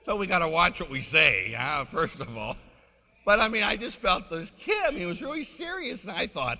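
Priest, male, mid-pitched, very bright tone; casual storytelling sermon, church reverb. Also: big pitch swings, moderate pace. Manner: conversational, storytelling, leads congregation in repeating a phrase. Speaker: Catholic priest.

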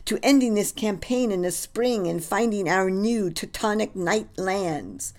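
A woman voicing a boisterous German colonel, jovial and loud at a holiday feast. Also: medium pitch, a little slow, pitched above the performer's own voice, close to an everyday voice.

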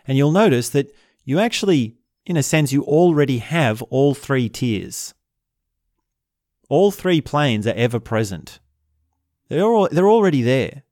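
A man teaching in a slow, reflective way, often repeating short example phrases. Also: medium pitch, very animated, a little mellow, no echo, clean studio sound. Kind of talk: spoken teaching talk.

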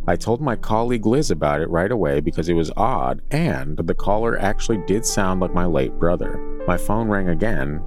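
A man's voice: low-pitched, darkish tone. A man hosting a podcast, reading listener stories aloud in a casual, joking way. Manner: jokey, reads aloud with playful asides.

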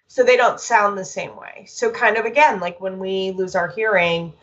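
A woman dog trainer chatting casually, animated and storytelling, with quick asides. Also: mid-range voice, highs cut off. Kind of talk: casual conversational chat.

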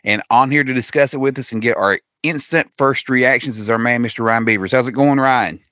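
A man's voice: medium pitch, a little fast, bright, forceful tone, no room sound, highs cut off. A man hosting a podcast in casual, brash chat, swearing freely. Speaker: podcast host.

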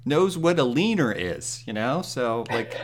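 Lively joking male radio host. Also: medium pitch, a little slow, noisy background. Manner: joking, teasing banter. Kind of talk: casual radio chat.

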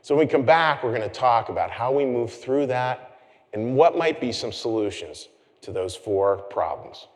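A man preaching a conversational sermon as pastor, animated and chatty, with self-deprecating asides. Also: medium pitch, moderate pace, long reverb tail. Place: church sanctuary.

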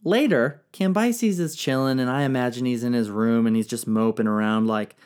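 A woman's voice: rumbling low, normal speed, few pauses, darkish tone, smooth. A woman retelling ancient history in a comedic, irreverent style, full of slang, swearing and jokes. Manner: irreverent, profane, slangy, jokey.

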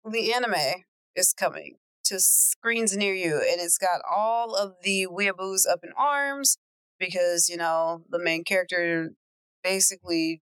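A woman's voice: fairly low pitch, unhurried, a bit bright, smooth, dry recording. Joking slangy woman co-host. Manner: wry, joking, casual slangy talk. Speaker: podcast co-host. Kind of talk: casual chat.

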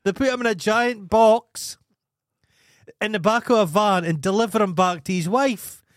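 A man's voice: high voice, normal speed, no echo, studio quality. A Scottish man co-hosting a podcast, telling stories in casual chat and acting out the people in them. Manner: animated, acts out the people in his stories. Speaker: podcast co-host.

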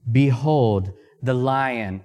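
Slow, deliberate male preacher. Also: medium pitch, darkish tone. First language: Amharic. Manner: reads scripture aloud, then asks the congregation questions; slow, deliberate pacing with emphatic pauses. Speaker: missionary preacher. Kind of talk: sermon.

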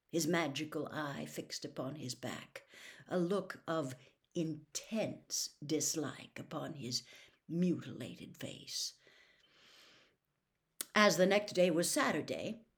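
A woman reading a storybook aloud in an expressive, dramatic way. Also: deep voice. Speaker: narrator.

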